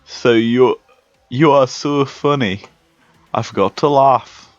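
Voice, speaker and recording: A man's voice: mid-range voice, takes it slowly, no echo, pitched above the performer's own voice, natural voice. A man voicing brash, mocking young trainers in a northern English accent, reading game dialogue in a Let's Play. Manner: loud, mocking, cocky. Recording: dull lo-fi sound with faint music.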